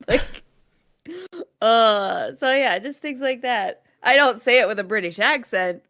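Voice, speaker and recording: A woman's voice: fairly high pitch, slow, fairly bright tone. A woman who is a mother, co-hosting a casual podcast, talking frankly and laughing often. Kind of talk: casual chat.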